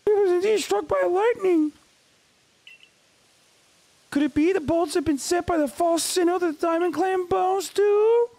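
A man doing a squeaky, exaggerated falsetto voice for an earnest fantasy clan warden while reading game dialogue aloud. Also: unhurried, gravelly, long pauses, darkish tone, heavily acted. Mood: urgent.

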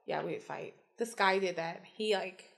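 A young woman co-hosts a podcast in a fairly low, creaky voice at a moderate pace, with a little hiss or hum in the recording. She chats casually and tells animated stories with blunt, profane humor, acting out the other people, swearing freely and laughing a lot.

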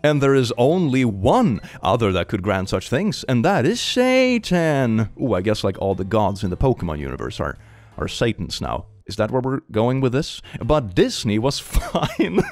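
A man's voice: on the low side, normal speed. A young man reading online stories aloud and adding joking, casual commentary. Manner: animated, joking. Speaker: online story reader and commentator.

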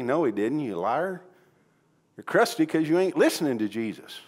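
A middle-aged man, preaching a sermon as pastor in a folksy manner, swinging from quiet pleading to loud exclaiming. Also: on the high side, big pitch swings, normal speed, slightly rough. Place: church sanctuary.

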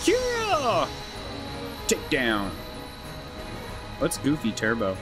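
A young man giving casual commentary over a let's play, excitable and jokey, prone to profane outbursts. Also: mid-range voice, moderate pace, music in the background.

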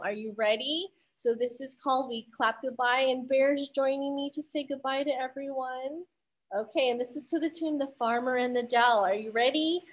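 High-voiced woman hosting a kids' storytime. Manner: bright, encouraging, addressing young kids. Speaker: children's librarian.

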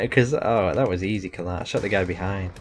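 A young man talks his way through a live match in an easy, rambling way, poking fun at himself as he goes. His voice sits fairly low. A faint hiss of noise lies under the recording. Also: normal speed. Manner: casual, rambling, self-deprecating with laughs. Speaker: gaming commentator. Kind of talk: live gameplay commentary.

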